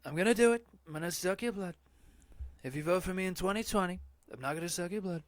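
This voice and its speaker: A man's voice: high voice, fast talker, no room sound, pitched above the performer's own voice, natural voice. A man doing an impression of a boastful male politician who turns into a vampire, full of repeated superlatives. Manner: bragging, repetitive superlatives.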